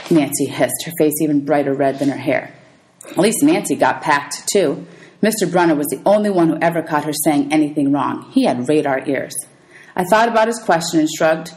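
A woman's voice: brisk, a little mellow, low-quality recording. A woman teacher reading a novel aloud to students, lifting her voice for the characters' lines and calling out page numbers. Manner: reads dialogue with raised pitch for characters, calls out page numbers.

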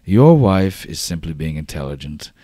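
A man's voice: rumbling low, big pitch swings, moderate pace, warm tone, no room sound, full character voice. A man voicing Doctor Feichel, a cold and calculating woman scientist, in clipped, urgent lines.

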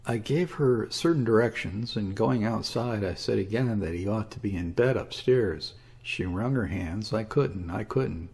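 A man reading a classic story aloud as an audiobook, in a measured, even storytelling manner. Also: fairly low pitch, slightly rough. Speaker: audiobook reader. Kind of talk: scripted narration of a classic story.

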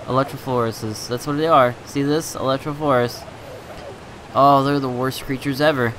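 A man's voice: mid-range voice, steady tone, moderate pace, fairly bright tone, a little hiss or hum, low-quality recording. Chatty man narrating his game. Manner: chatty, exasperated, laughs at own bad luck. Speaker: gaming channel host. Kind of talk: casual gameplay commentary.

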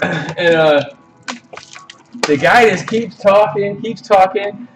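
A man with a high voice rants his way through a story on a card break stream, lively and full of swearing. He sits back from the mic, so he sounds distant, and loud music plays behind him. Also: takes it slowly. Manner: animated, swearing, retells quotes in voices. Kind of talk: casual storytelling rant. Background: music playing.

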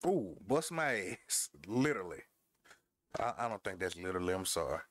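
A gamer casually narrates his wrestling match through a headset, trash-talking his opponent and laughing with his viewers. His voice sits low and sing-song, a bit bright, at normal speed, with slight background noise.

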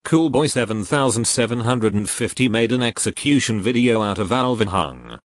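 A computer-generated male voice that reads joke error messages aloud in a flat, even, text-to-speech manner. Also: medium pitch, moderate pace, no echo. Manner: flat, evenly paced computer voice. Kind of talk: synthetic text-to-speech reading.

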